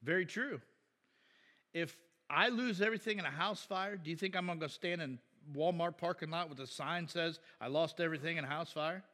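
Blunt high-voiced male pastor. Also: fairly quick, long reverb tail. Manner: blunt, animated, talks back and forth with the congregation. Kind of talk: conversational sermon with congregation interaction. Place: church.

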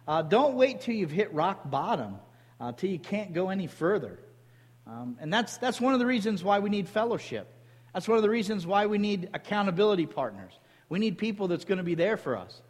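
A man preaching a sermon as pastor, emphatic, calling for responses from the congregation. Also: high voice. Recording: long hall reverb.

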